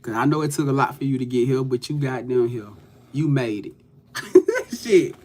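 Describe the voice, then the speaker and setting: A man's voice: medium pitch, moderate pace, darkish tone. A man giving a loose, profane, hyped-up motivational pep talk to his viewers as a livestream host.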